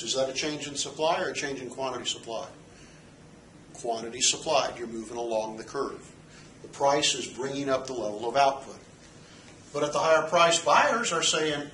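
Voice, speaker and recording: A man's voice: medium pitch, moderate pace, bright, forceful tone, slight background noise. A man teaching economics in a lecture, asking rhetorical questions and checking in with "okay?". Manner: asks the class rhetorical questions. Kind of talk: recorded lecture. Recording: echoey room, mic at a distance.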